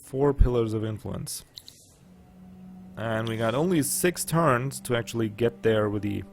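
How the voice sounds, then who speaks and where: A man's voice: mid-range voice, a little slow, creaky, soft background music. A man with a German accent, casually commenting on a strategy game and thinking aloud with muttered asides. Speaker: let's play gamer.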